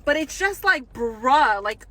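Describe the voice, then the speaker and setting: A seventeen-year-old girl ranting casually to her phone about job hunting, profane and animated. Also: sits high, slow pace, low-quality recording. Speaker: job seeker. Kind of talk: casual rant to camera.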